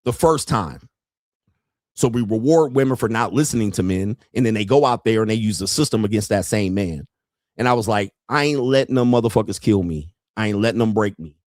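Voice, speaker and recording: A man's voice: medium pitch, a little mellow, dry recording. Heated, profane podcast man, dry sound. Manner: profane, heated, preachy, repeats lines for emphasis. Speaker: podcast host. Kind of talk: ranting monologue.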